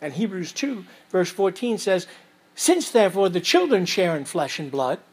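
A man preaching an expository sermon as pastor, reading scripture aloud and swinging between loud emphasis and quiet asides. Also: high-pitched, big pitch swings, normal speed, slightly rough.

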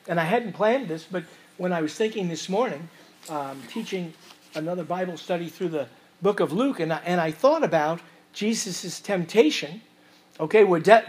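A man preaching an expository sermon as pastor, reading scripture aloud and swinging between loud emphasis and quiet asides. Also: sits high, breathy edge.

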